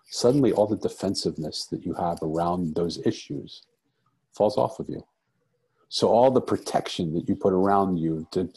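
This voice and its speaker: A man's voice: low voice, warm tone, husky. A middle-aged man telling a personal story as an interview guest, earnest and reflective, repeating phrases for emphasis. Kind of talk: conversational storytelling.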